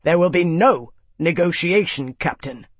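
A man's voice: high voice, expressive, a little slow, no room sound. A man reading an audiobook, voicing a stern, hawkish male senator who barks orders. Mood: commanding. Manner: forceful, barking orders. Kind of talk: audiobook character voice.

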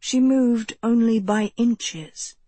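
A woman narrates a fantasy novel in a measured, expressive reading. Her voice is husky and her pace is unhurried. The recording is dry and close. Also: on the high side, no echo. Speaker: audiobook narrator. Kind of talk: scripted narration.

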